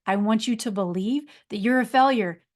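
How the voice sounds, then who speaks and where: A woman's voice: on the high side, moderate pace, lightly acted. A woman voicing a sly, tempting male devil who coaxes and insists. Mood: gloating.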